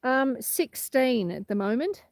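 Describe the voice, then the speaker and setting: Aussie lady live streaming from her farm, windy outside, bit high voice, chatty, phone mic. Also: lively intonation, takes it slowly, gravelly, no echo. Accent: Australian. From Australia. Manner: chatty, laughs easily, talks to viewers by name. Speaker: livestream host. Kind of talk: casual livestream chat, reading comments aloud.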